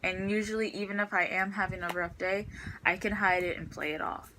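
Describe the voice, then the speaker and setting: A woman's voice: mid-range voice, fairly even intonation, brisk, noisy background. A teenage girl ranting in a storytime vlog about her school day, exasperated and full of fillers. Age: teens. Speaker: student vlogger.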